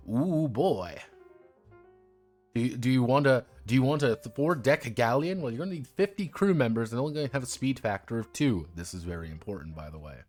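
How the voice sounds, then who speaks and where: A man's voice: mid-range voice, expressive, moderate pace, a little mellow, soft background music. A man streaming live, rambling and joking and swearing freely as he walks through a tabletop game book. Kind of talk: casual live-stream chat.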